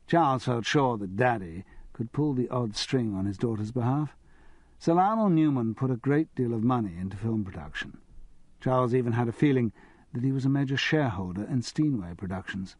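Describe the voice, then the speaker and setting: A male audiobook narrator with a mid-pitched voice that rises and falls freely as he tells the tale. His tone is slightly husky and sits close and dry, with no room around it. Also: fairly quick, no echo. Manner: expressive storytelling. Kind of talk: scripted narration.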